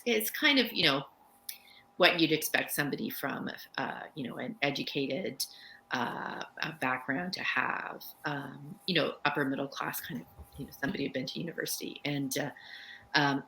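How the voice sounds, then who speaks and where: A woman's voice: deep voice, creaky, sharp tone, slight background noise, low-quality recording. A middle-aged woman author on a video call, talking thoughtfully and searching for her words. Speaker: author guest. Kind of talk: casual interview chat.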